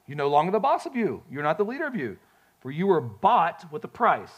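Animated folksy preacher man. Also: on the high side, fairly quick, breathy edge, dull audio. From grew up on a farm. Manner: folksy, animated storytelling with repeated restarts. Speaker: pastor. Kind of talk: sermon.

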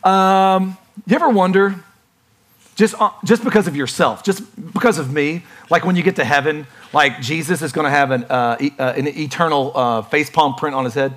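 Male pastor, slightly higher voice, chatty lively sermon delivery with playful acted-out bits. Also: moderate pace.

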